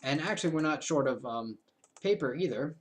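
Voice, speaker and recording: A man's voice: on the high side, animated, fairly quick. A young man in his twenties chatting through a game recording, rambling into self-mocking asides. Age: 20s. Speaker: gaming video host. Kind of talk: casual game commentary.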